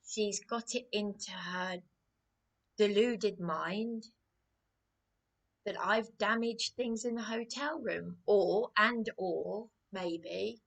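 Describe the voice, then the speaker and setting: A woman from England rambling aggrievedly in a personal vlog, repeating herself with many restarts, her voice a little hoarse. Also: medium pitch, fairly even intonation, takes it slowly, fairly bright tone. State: voice a bit hoarse. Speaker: vlogger.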